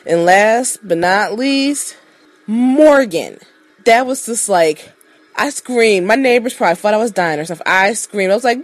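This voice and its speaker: A woman giving a casual, gushing recap of a TV episode, excitable and sleepy, repeating herself as she talks. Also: medium pitch, unhurried, no echo. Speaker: podcast contributor.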